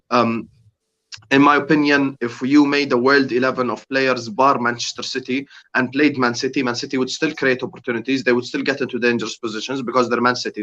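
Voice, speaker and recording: A man's voice: mid-range voice, pushed and bright, lo-fi sound. A man chatting casually about football on a panel, blunt and exasperated, repeating himself.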